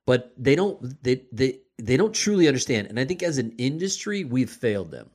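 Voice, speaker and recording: A man's voice: mid-range voice, sing-song, normal speed, darkish tone, slightly rough. Man reflecting on industry problems. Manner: reflective, explains at length with restarts. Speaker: podcast host, automotive industry leader. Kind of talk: casual conversation.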